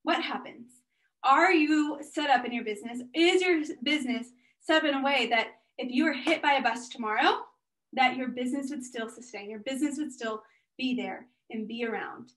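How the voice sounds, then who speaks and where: A woman giving an energetic workshop talk as a guest speaker, chatty and encouraging as she speaks straight to the audience. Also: high-pitched, moderate pace. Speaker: guest speaker and business owner.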